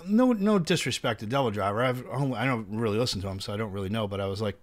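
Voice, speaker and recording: A man telling animated, profane tour stories in a casual chat. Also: medium pitch, brisk. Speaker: guest musician.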